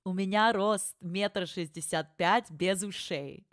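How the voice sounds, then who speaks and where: A woman's voice: mid-range voice, unhurried, no echo, clean studio sound. A woman streamer chatting casually and gushing playfully as she reacts on a watchalong. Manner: gushing, playful, laughs often.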